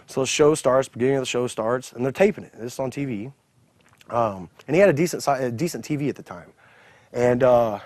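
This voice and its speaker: A middle-aged man, telling stories in an interview, animated, swearing and acting out quotes. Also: mid-range voice, quick pace, no room sound. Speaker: interview guest, pro wrestler. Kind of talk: storytelling in an interview.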